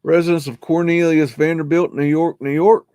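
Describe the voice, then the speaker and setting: A man's voice: a little high, flat delivery, moderate pace, warm tone, dry recording, studio quality. A man hosting a live stream, rambling casually as he comments on old photos and scolds his dog in between.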